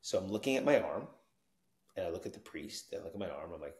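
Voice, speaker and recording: A man's voice: sits low, fast talker, echoey room. A man from New Jersey, a recovery coach, telling his story as a podcast guest, acting out the lines of the people in it. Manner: animated, acts out quoted dialogue, frequent "you know what I mean". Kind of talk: storytelling in conversation.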